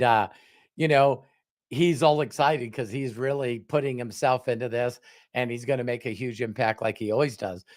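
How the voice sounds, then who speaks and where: A man in his sixties, hosting a livestream, who tells animated stories and acts out quoted voices. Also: mid-range voice. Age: 60s. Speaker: host. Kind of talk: casual panel talk on a livestream.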